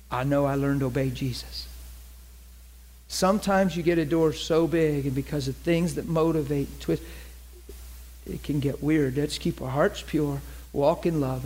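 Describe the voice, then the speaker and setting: Husky-voiced man preaching a folksy sermon. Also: on the high side, darkish tone. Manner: conversational, emphatic, folksy. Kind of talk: sermon with storytelling. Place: church meeting.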